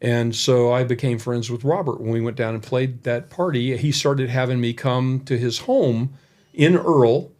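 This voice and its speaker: A man's voice: medium pitch, moderate pace, a little mellow. A man who is a guest on a podcast, telling a long, folksy story full of asides from an indoor room. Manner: rambling and folksy, with many asides. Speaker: college development director, podcast guest. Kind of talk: anecdotal storytelling in a conversation.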